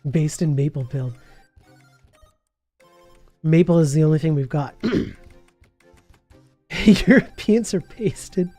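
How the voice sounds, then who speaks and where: Mellow-voiced man chatting on stream. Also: on the high side, lively intonation, extremely slow, long pauses, faint music behind. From Canada. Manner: chatty, laughs often, reads out viewer messages. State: voice a bit worn from hours of talking. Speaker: live streamer. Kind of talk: casual live-stream chat.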